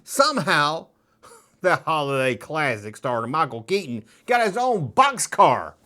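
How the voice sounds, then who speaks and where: A man's voice: a little high, sing-song, unhurried, pushed and bright. A middle-aged man hosting a casual show-and-tell vlog, rambling with jokes and nostalgic asides. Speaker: toy collector host.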